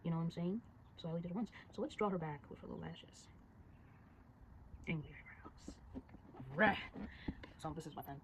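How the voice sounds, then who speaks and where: A teenage girl chatting casually and rapidly, telling a story while drawing and acting out the voices of the people in it. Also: fairly low pitch, noisy background. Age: teens. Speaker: storyteller vlogger.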